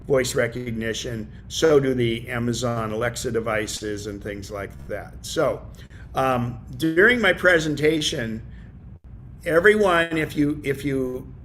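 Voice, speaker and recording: A man teaching a relaxed tech class over a video call, with a middling voice that wanders through fillers and restarts. A faint low rumble sits under his speech. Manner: rambling, lots of fillers and restarts. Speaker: class presenter.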